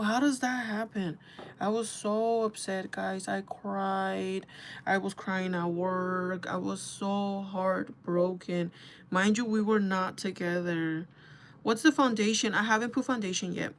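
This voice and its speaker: A woman's voice: medium pitch, steady tone, unhurried, slight background noise. A young woman in her twenties, chatting candidly and casually as she does her makeup, swearing freely. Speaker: beauty vlogger. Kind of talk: casual storytime chat while doing makeup.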